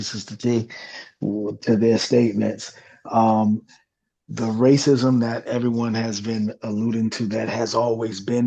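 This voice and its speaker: Slow, flat-toned man with a husky rasp, podcast panelist who pauses to find words. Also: fairly low pitch, rough recording. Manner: halting, searching for words. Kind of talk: casual discussion.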